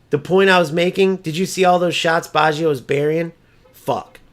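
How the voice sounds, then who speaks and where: Male streamer, fairly high voice, heated mocking rants during live gameplay, salty and profane. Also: fairly even intonation, moderate pace. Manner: ranting and mocking, swears freely; mimics opponents in a high sneering voice. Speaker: gaming streamer. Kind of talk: live gameplay commentary and chat.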